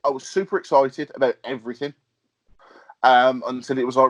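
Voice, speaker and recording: A young British man, a guest on a podcast interview, chatting casually and telling lively stories with lots of fillers and laughs. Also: medium pitch, brisk. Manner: lively storyteller, laughs often, hesitant fillers. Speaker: wrestler and promoter, guest. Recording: dull lo-fi podcast audio.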